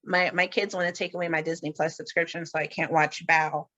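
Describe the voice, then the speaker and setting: A woman's voice: deep voice, little pitch movement, fairly quick, pushed and bright, highs cut off. A middle-aged woman hosting a podcast, chatting casually and laughing often. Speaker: podcast host. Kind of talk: casual chat.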